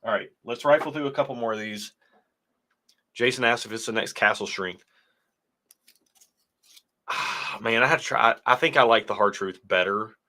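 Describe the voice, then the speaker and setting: A man's voice: mid-range voice, normal speed, long pauses, sharp tone. A man co-hosting a casual whiskey tasting livestream, chatting and reading viewer comments aloud. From United States. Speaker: whiskey show co-host.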